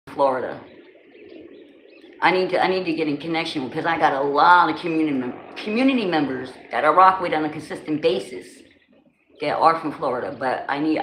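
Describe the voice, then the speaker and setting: A woman in her forties with a New Jersey accent talks in a deep, low register as she hosts a casual livestream. She is loose and slangy, calling out viewers by name. The sound is roomy, with a faint hum of noise behind her. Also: a bit bright. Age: 40s. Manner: loose and talkative, greets chat by name, slangy. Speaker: livestream host. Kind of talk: casual live-stream chat.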